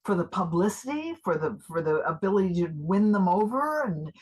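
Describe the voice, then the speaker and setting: A woman plays an eager older activist with a husky, slightly breathy voice. She gushes over every new scheme in a live improv scene, and her excitement keeps tipping into paranoia. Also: medium pitch, a little fast, low-quality recording. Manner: gushing, excitable, a little paranoid. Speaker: improv performer.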